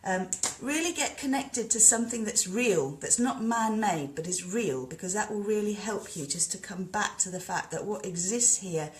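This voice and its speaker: A woman, a spiritual teacher, talking in a rambling, animated way on a live stream and leading a guided meditation. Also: medium pitch, normal speed, hardly any pauses, slight background noise. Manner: animated, rambling, greets viewers. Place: indoors by the sea.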